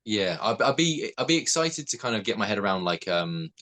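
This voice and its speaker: Low-voiced British actor, laid-back chat. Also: male voice, sing-song, fairly quick, sharp tone, poor audio. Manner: laughs often, thoughtful and self-deprecating. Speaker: guest actor. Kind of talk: casual podcast chat.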